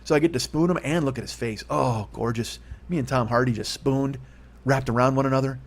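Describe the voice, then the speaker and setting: A man's voice: mid-range voice, fairly quick. A man in his fifties hosting a solo comedy podcast, rambling and profane with a self-mocking streak. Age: 50s.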